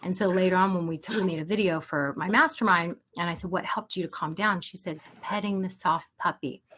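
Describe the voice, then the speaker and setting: A woman coaching parents in a live webinar, chatty and animated, talking straight to her audience. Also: fairly low pitch, fairly quick, a little hiss or hum.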